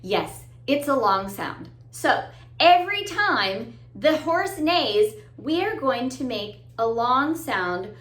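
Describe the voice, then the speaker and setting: A woman's voice: high voice, very animated, slow pace, fairly bright tone. A woman teaching a children's music lesson. She talks straight to the kids, encouraging, sing-song, and sometimes breaks into song and animal sounds. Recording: roomy echo.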